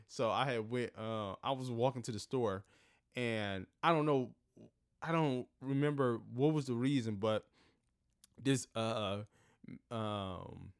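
A man's voice: mid-range voice, slow pace, no room sound, clean studio sound. A man co-hosting a casual chat, telling stories and laughing at them. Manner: joking, laughs at his own stories.

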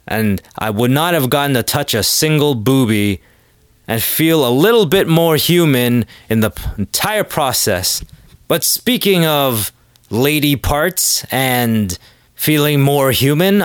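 A man hosting a podcast, delivering a crude, joking solo monologue with sudden loud exclamations. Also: on the high side, no room sound, studio quality. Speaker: podcast host. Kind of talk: casual comedic monologue.

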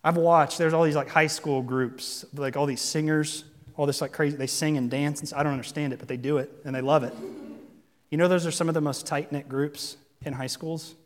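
A man's voice: a little high, fairly even intonation, brisk. Preaching man in a reverberant hall. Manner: earnest, conversational preaching with rhetorical questions. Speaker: pastor. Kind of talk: sermon. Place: church sanctuary. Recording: long reverb in a large hall.

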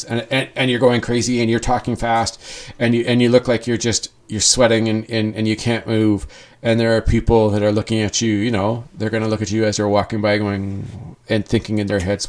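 Earnest, rambling man, slightly low voice. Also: monotone, a little fast. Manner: earnest and rambling, with frequent restarts. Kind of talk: candid personal monologue.

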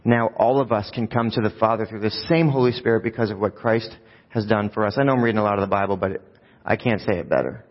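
A man's voice: on the low side, quick pace. A man preaching a conversational sermon, often asking the congregation rhetorical questions. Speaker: pastor. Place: church sanctuary. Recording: dull sound with long hall reverb.

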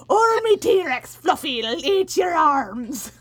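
A woman voicing a mean, greedy male leprechaun who shouts demands for gold. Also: high voice, very animated, drawn-out words, pitched above the performer's own voice, exaggerated voice. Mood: greedy menace.

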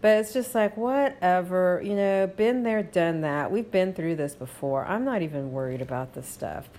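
A woman with a fairly low voice talks through a loose, rambling monologue at home, full of fillers and little "okay?" check-ins to the listener. Faint hiss sits under her voice. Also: normal speed, darkish tone. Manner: rambling, frequent fillers, reassuring asides with "okay?". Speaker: podcast host. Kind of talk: casual monologue.

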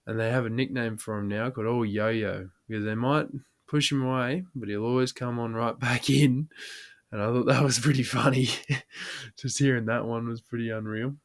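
Spinning a rowdy pub yarn on his podcast, an Australian man speaks in a mid-range voice at a moderate pace with fairly even intonation. He laughs, swears, and quotes the characters in their own voices.

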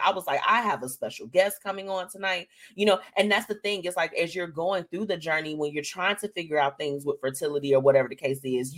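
A woman's voice: fairly low pitch, fairly bright tone. A woman hosting a live show, talking candidly and emotionally to her listeners and calling them y'all. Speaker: host.

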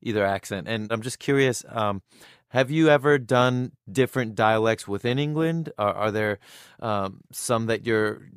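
A man hosting a podcast, asking measured questions and reading a wrap-up outro. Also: on the low side, smooth, dry recording, studio quality. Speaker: podcast host. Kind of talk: interviewing, then scripted outro.

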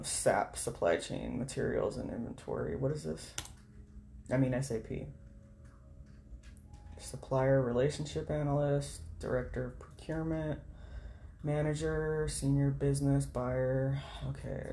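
A woman's voice: rumbling low, darkish tone, slight background noise. A woman vlogging at home as she job hunts on her computer, muttering to herself, swearing freely and reading job listings aloud. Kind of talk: casual talk while job hunting online. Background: keyboard typing.

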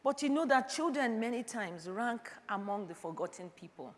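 Woman preacher, 50s, higher voice, long echoing hall, loud-to-soft sermon delivery. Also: animated, moderate pace. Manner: calls out "Hello?" to the congregation, swings from loud to quiet.

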